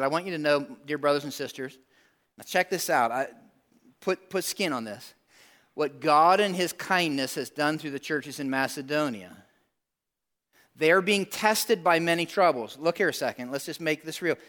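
A pastor with a high voice preaches a sermon to his congregation. He talks conversationally, questions his listeners, repeats words and climbs to near-shouts to make a point.

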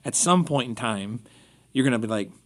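A man's voice: mid-range voice, animated, normal speed. A man who is a pastor, casually discussing a Bible passage on a church podcast and explaining it with everyday examples.

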